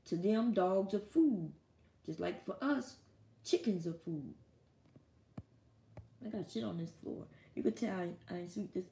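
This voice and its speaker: A woman from the United States, a live streamer telling a profane, animated story and laughing often, alone in a small room at home. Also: medium pitch, measured pace, gravelly, pauses often, echoey room. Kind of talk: casual storytelling monologue.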